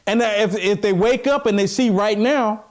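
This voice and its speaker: A man co-hosting a casual political talk show, animated and preachy as he presses his point. His voice sits fairly high for a man. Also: moderate pace. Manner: animated, preachy, drawing the listener in.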